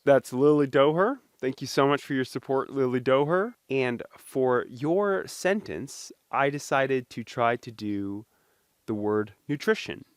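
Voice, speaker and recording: A man's voice: mid-range voice, lively intonation, measured pace, dry recording. Young male host, casual and playful, speaking into a dry, close mic. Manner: playful, chatty, thanks supporters by name. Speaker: video host. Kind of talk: casual talk to camera.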